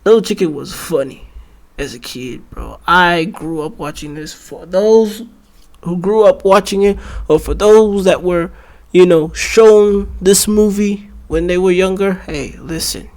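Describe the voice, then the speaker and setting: A 21-year-old man with a stuffy, blocked nose, rambling excitably and in slang as he hosts a reaction video. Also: sits high, unhurried. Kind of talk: casual reaction commentary.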